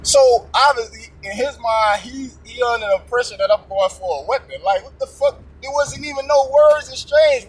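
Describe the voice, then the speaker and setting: Dude with a real high husky voice telling his testimony, slangy, cussing, acting out the whole argument. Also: fairly quick, few pauses, rough recording. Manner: animated, acts out both sides of a confrontation; streetwise slang with frequent profanity. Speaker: testimony storyteller. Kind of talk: casual storytelling testimony.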